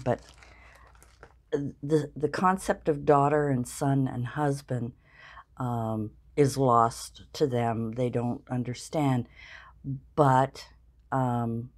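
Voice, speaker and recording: Slow-talking woman in her sixties, low voice. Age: 60s. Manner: slow, chatty and warmly effusive, musing aloud while opening gifts. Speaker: craft channel vlogger. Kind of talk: casual unboxing chat.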